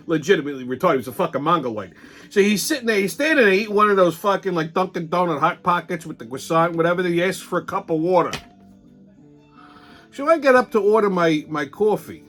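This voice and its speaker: A man hosting a comic, profane ranting monologue, telling stories in an animated way. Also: fairly high pitch, fast, faint music behind. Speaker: host.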